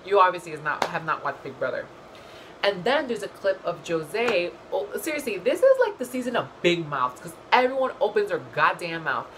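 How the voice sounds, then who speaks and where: A woman's voice: lowish voice, moderate pace, background noise. Profane, gossipy young woman vlogger. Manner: gossipy, blunt and profane, with animated asides. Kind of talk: casual reality-show recap.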